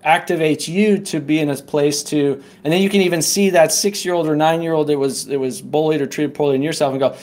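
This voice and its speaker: A man's voice: a little high, steady tone, brisk, few pauses, darkish tone. A man speaking as a podcast guest, telling a personal story earnestly and often checking in with "right?". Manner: earnest, tags points with "right?". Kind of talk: casual conversational storytelling.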